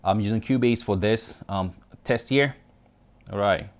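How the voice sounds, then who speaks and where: A man's voice: fairly low pitch, measured pace. A man with a Ghanaian accent hosting a casual, chatty product review vlog with slangy asides, speaking into a desk condenser mic. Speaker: tech reviewer host. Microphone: desk condenser mic with pop filter.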